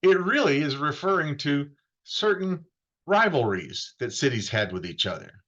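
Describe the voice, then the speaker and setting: Animated male pastor, lo-fi sound. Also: on the high side, normal speed. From Florida. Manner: lively storytelling, acting out quoted voices. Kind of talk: conversational sermon.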